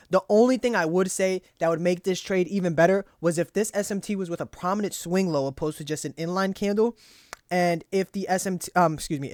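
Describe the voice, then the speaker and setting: A man's voice: on the high side, darkish tone, no room sound, studio quality. A young man casually reviewing his trades aloud, cursing freely and talking himself through frustration. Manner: profane, frustrated self-talk, pep-talks himself. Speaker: trading journal host.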